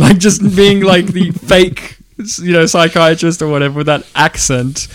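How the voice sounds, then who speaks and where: A man's voice: fairly high pitch, level tone, moderate pace, smooth, no echo. A man chatting casually about a film, enthusiastic, laughing often and acting out lines. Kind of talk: casual film review chat.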